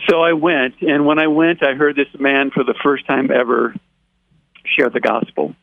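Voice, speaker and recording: A man as an interview guest, telling a personal testimony in an animated way and acting out the dialogue he quotes, over a phone line. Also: medium pitch, moderate pace, vocal fry, no room sound. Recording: tinny dry phone line.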